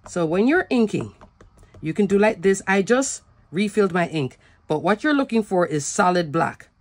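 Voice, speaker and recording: A woman's voice: mid-range voice, sing-song, normal speed, dry recording. Chatty woman demonstrating crafts. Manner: chatty, talks through each step, laughs at herself. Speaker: craft tutorial host. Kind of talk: step-by-step crafting demo.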